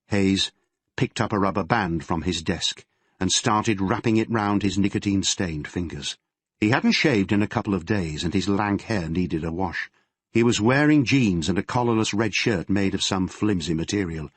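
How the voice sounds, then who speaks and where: A man narrating an audiobook in a measured storytelling manner. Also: low voice, slightly rough, no echo. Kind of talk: scripted narration.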